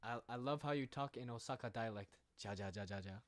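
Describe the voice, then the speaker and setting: This young man from the United States is streaming at home, talking a little fast in a medium pitch through a studio mic with no room sound. His tone is casual and playful as he rambles and reads viewers' chat messages aloud.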